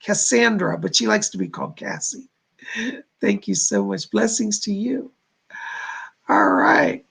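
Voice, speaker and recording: A man's voice: high-pitched, animated, unhurried, gravelly, long pauses, fairly bright tone, husky. A man hosting a live stream as a psychic medium, chatting with viewers and relaying messages with many "she said" asides.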